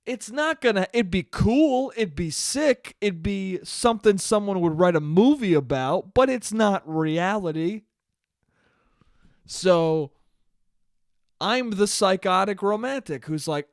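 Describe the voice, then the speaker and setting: Young man, solo podcast host, slightly high voice, profane, animated storytelling, dry close sound. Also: slow pace, no echo. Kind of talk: casual solo podcast monologue.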